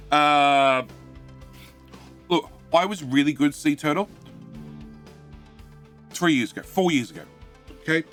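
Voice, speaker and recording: A middle-aged man from Australia, his light accent coloring a slightly high, sharp voice, chats casually while live-streaming a game. He rambles, mocks himself, reads chat aloud, and responds with plenty of fillers and restarts.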